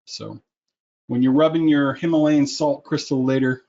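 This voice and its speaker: A man's voice: mid-range voice, fairly even intonation, moderate pace, creaky, dark tone. A man presenting a webinar in a persuasive, salesy way, with joking asides, over a computer mic. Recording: muffled lo-fi audio.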